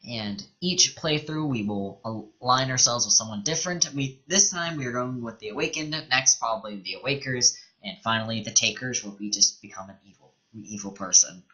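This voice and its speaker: A man's voice: mid-range voice, moderate pace, hardly any pauses, bright, forceful tone, highs cut off. A man casually commenting on a game he plays and reading its text aloud. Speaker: let's play host.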